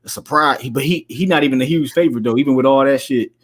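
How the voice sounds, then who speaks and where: A man's voice: mid-range voice, fast talker. A man on a boxing talk panel, making his case in a rambling, insistent way. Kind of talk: casual debate.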